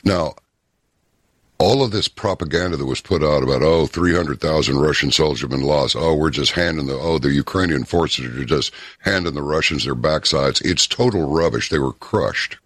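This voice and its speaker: A man talking as a guest in an interview, telling stories in an emphatic, deliberate way. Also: a bass voice, fairly bright tone, dry recording, studio quality. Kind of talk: casual interview talk.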